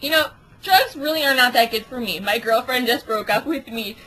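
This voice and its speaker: A woman's voice: fairly high pitch, moderate pace, pushed and bright. A woman voicing a heartbroken young male duck who wants to quit drugs, speaking in a tearful, wobbly voice. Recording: home video with noisy hiss.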